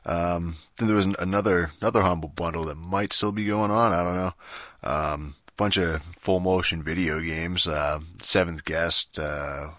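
A man's voice: low voice, steady tone, moderate pace, a bit bright, no room sound, clean studio sound. A young man talking casually about games in a rambling, profane monologue full of filler words. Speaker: gaming vlogger.

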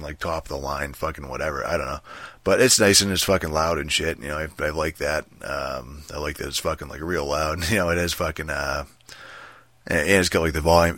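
A man's voice: a bass voice, sharp tone, no echo. A man in a casual rambling monologue, talking about his headset mic and swearing constantly, with many restarts.

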